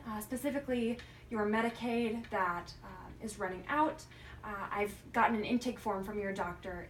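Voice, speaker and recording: A young woman playing a hospital social worker in a practice interview, speaking gently and carefully with frequent ums. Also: mid-range voice. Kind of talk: practice interview role-play. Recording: roomy, distant mic with faint noise.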